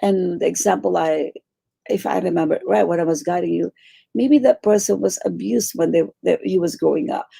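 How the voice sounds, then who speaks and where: A woman teaching a meditation class, coaching her students gently and repeating phrases for emphasis. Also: lowish voice, normal speed, creaky, slightly rough. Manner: warm coaching, repeats phrases, acts out quoted pleas.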